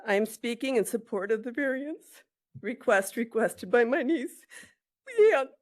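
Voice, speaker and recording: Tearful woman reading a public comment. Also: a little high. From Wisconsin. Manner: reads prepared statement with halting restarts. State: emotional, near tears. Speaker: public commenter at county meeting.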